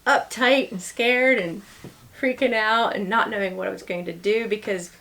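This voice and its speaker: A woman's voice: mid-range voice, normal speed. Laughing woman telling a story. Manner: animated, laughs often. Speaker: vlogger telling their love story. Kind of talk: casual storytelling with her husband.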